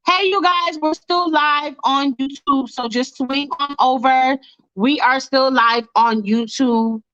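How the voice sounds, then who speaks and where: A woman's voice: high voice, slow, a bit bright, dry recording, muffled recording. A woman hosting a fan livestream, ranting bluntly and with lots of swearing while talking to her chat. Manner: blunt, profane, fired-up, talks to chat. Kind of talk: casual livestream rant.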